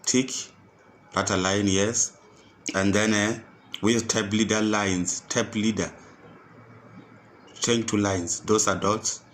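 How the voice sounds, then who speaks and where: A man tutoring computer skills, walking through a software task step by step and repeating each instruction. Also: on the low side, fairly even intonation, takes it slowly, long pauses, a little hiss or hum. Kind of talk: screen-recorded software tutorial.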